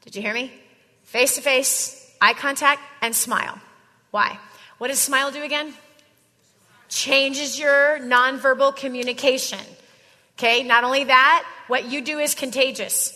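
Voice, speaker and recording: A woman running a live sales coaching session, emphatic, driving home each point with a quick "right?" or "okay?". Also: sits high, fairly even intonation, pushed and bright. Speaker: sales trainer. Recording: long hall reverb.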